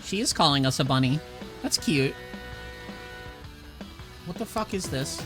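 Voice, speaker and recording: A man's voice: fairly high pitch, lively intonation, a little slow, sharp tone, soft background music. A male streamer giving casual commentary while he plays, reading on-screen text aloud and stumbling over words.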